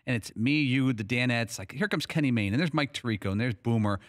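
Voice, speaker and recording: Male co-host, rapid vivid recollection, dry close mic. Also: medium pitch, dry recording. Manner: vivid scene-setting recollection. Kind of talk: casual chat.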